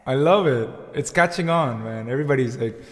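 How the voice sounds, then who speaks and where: A rambling thirty-year-old man hosting a casual music livestream, filling his talk with likes and ums. His mid-pitched voice rings with a long reverb tail, as if in a hall. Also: brisk. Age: 30s. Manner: rambling and chatty, full of fillers. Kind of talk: casual chat reading out viewer comments. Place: home room with lights and guitar gear.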